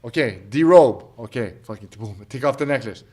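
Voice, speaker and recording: A mixed martial arts fighter in his thirties talks through his story in a loose, rambling way, full of swearing and restarts. He acts out what people said to him. His voice sits at an ordinary middle pitch. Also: animated, moderate pace, mellow. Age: 30s. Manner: profane, rambling, acts out quotes of others. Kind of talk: casual interview storytelling.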